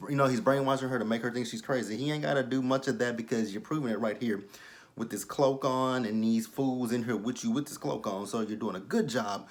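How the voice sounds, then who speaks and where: A young man hosting a casual episode review, talking loosely, swearing freely and acting out the characters' lines. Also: mid-range voice. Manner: animated, profane, acts out the characters' lines. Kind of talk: casual recap and commentary.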